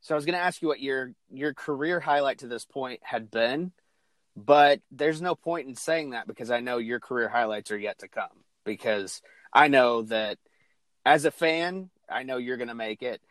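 A male podcast host asks questions in a loose, casual way. He swears freely and stumbles over uh and like. His voice sits at an average pitch and sounds dry, with no room around it. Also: fairly bright tone, no echo. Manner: loose and profane, halting with filler words. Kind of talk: casual interview chat.

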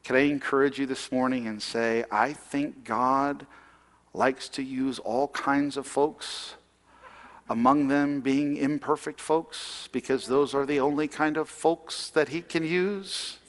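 A man's voice: medium pitch, fairly even intonation, slow, in a large hall. A man preaching a sermon in a conversational way, asking the congregation questions. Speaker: pastor.

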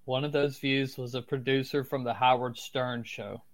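A man's voice: medium pitch, little pitch movement, normal speed. A man from Florida with a strong Southern US accent, a podcast guest telling stories in a laid-back, cursing manner. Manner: laid-back, swears freely. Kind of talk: casual storytelling.

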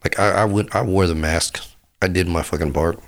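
A man's voice: low voice, steady tone, moderate pace. A sick man with a sore throat, rambling crudely and profanely as a podcast host. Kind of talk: rambling casual monologue.

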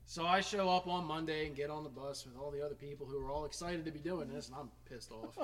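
A man's voice: on the high side, quick pace, a bit bright. Wry, laughing man on a podcast. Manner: laughs often, wry and self-deprecating. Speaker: podcast co-host. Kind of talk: casual chat. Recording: faint background noise, early podcast.

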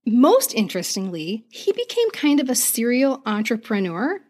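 A woman co-hosting a casual podcast conversation. Her voice sits a little on the high side, and she talks in an animated way with quick, laughing asides. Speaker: podcast co-host. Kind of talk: casual chat.

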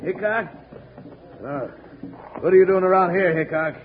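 A man's voice: sits high, normal speed, lightly acted. An actor playing a cocky, menacing outlaw gang boss with a sneering tough-guy drawl. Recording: muffled old radio drama recording with loud hiss.

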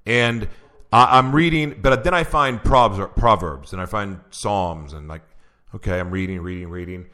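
Deep-voiced man telling his story. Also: moderate pace, bright, forceful tone. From Oklahoma. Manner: earnest storytelling, many restarts and fillers. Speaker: guest. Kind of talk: personal testimony in interview.

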